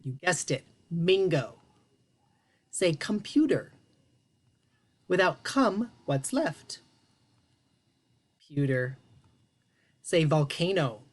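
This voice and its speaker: Slow, sing-song woman teaching phonics. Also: lowish voice. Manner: sing-song, animated, encouraging with drawn-out sounds. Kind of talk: children's phonics lesson.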